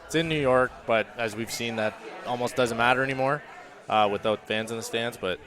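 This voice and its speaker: A man's voice: mid-range voice, brisk, a bit bright. A man co-hosting a casual sports talk show from a bar and grill, chatty and easygoing as he gives his picks. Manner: easygoing, chatty, laughs along.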